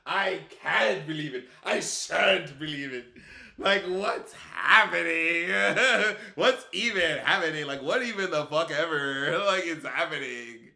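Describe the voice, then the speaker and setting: A bright-voiced man chats loosely on a live stream, swearing freely and breaking into laughter. His voice sits a little high and carries a forceful edge, with a roomy echo around it. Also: measured pace. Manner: profane, laughing, animated. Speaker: music critic streamer. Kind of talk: casual live-stream chat. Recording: echoey room.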